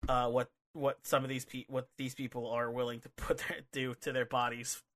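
A man co-hosting a podcast, talking in a casual, excitable way with lots of fillers and restarts into a microphone. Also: mid-range voice, moderate pace. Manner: excitable, rambling with many fillers. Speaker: podcast co-host. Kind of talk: casual chat. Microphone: studio microphone.

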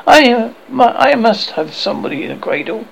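A man's voice: high voice, very animated, measured pace, creaky, a little hiss or hum, pitched above the performer's own voice, heavily acted, low-quality recording. A man reading aloud and voicing a bossy, motherly young girl who scolds and fusses over the other children. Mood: fussing. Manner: fussy, scolding.

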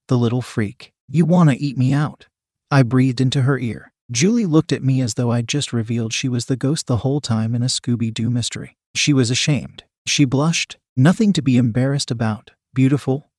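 A man reading a first-person story aloud as a steady narrator. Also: mid-range voice, husky, no room sound, clean studio sound. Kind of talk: scripted narration.

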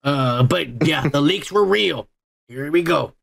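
A man's voice: a little high, expressive, slow, gravelly, a bit bright, slightly rough. A man hosting a podcast in casual chat, ranting and cursing freely. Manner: profane, ranting. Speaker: podcast host.

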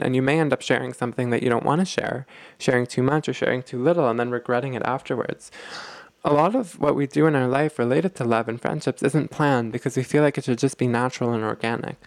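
Podcast host, male, mid-pitched, gravelly, close and dry sound, explains as he thinks. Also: quick pace, no room sound. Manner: explanatory, repeats words while thinking. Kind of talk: casual self-help podcast talk.

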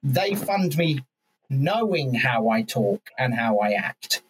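A man hosting a podcast, chatting about politics in an animated way, swearing and restarting his sentences. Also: mid-range voice, takes it slowly, a little hiss or hum, low-quality recording. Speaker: podcast host. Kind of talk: casual political chat.

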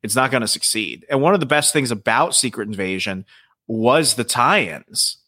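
A man's voice: mid-range voice, expressive, normal speed, pushed and bright. A man co-hosting a podcast, making emphatic, insistent points in casual chat about comics and TV. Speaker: podcast co-host.

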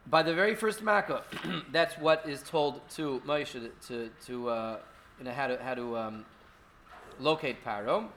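Bright-voiced man teaching a casual Torah class. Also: medium pitch, slight background noise. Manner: conversational, halting with fillers and restarts.

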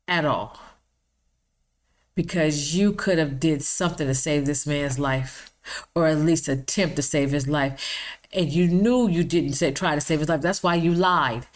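A woman with a deep, low-pitched voice speaks straight to her vlog audience. She talks in an indignant, emphatic way and drives home her points by repeating them. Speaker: video blogger. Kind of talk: impassioned vlog commentary.

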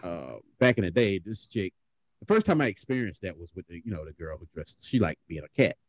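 A man in casual podcast talk, his pitch swinging widely as he tells a story. He laughs often and slips into other people's voices. The sound is dry and close, with no room around him. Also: big pitch swings, a little fast, no echo. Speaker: podcast host. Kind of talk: casual chat.

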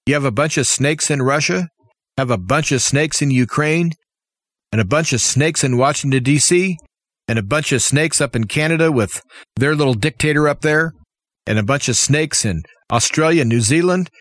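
A man delivers a fiery political commentary monologue, firing off rhetorical questions one after another. His voice sits a little on the high side for a man. The sound is close and dry, with no room around it. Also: normal speed, fairly bright tone, no echo. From United States. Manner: impassioned, opinionated, full of rhetorical questions. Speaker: talk show host.

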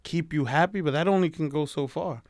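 A man's voice: a little high, a little fast, no room sound, studio quality. A man in a casual group chat who rambles, restarts his sentences often, and throws in jokey asides.

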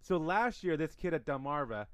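A man's voice: on the high side, expressive, moderate pace, fairly bright tone, no echo. A man co-hosting a casual sports podcast, talking through minor-league stats and often restarting his sentences. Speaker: podcast co-host.

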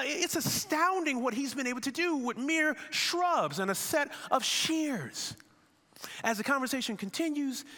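A man preaching a sermon as a pastor, telling a vivid, animated story to make his point. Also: extremely high pitch, big-room sound.

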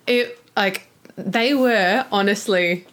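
A woman's voice: mid-range voice, slow pace, fairly bright tone. An Australian woman in casual chat with a friend, chatty and teasing, laughing easily.

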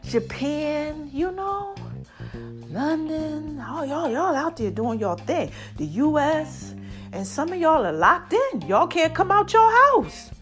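A woman's voice: high voice, slow, soft background music. A woman hosting a podcast, talking casually and with lots of animation to her listeners. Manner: chatty and animated, addresses listeners as "y'all" and "child". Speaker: podcast host. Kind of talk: casual motivational podcast talk.

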